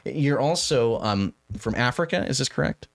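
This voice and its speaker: Rambling podcast host with a lively pitch. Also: male voice, vocal fry. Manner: rambling, halting, with many restarts and laughs. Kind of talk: casual chat.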